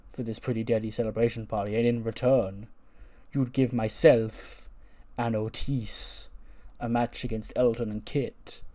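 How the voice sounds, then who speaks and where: A man voicing a huge, calm male wrestler who speaks slowly and deliberately. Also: on the low side, lightly acted.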